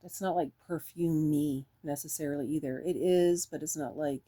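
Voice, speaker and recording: Woman gushing through a perfume review, low mellow voice, lots of ums. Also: steady tone, normal speed. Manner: rambling, enthusiastic, lots of fillers. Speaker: fragrance reviewer. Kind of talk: casual review chat.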